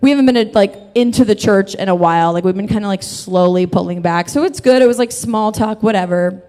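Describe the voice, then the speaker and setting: A woman's voice: mid-range voice, a little fast, dark tone, in a large hall. A woman telling a funny personal story on stage, chatty and swearing freely, laughing often between lines.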